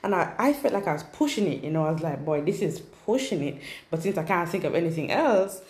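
A woman's voice: lowish voice, sing-song, quick pace, darkish tone. A woman with a Jamaican accent chatting casually for a storytime vlog. She rambles along with asides and fillers. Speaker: vlogger. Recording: roomy echo.

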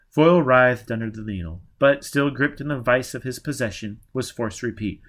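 A man narrating an audiobook in a plain, steady reading manner. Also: medium pitch, normal speed, hardly any pauses. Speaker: audiobook reader.

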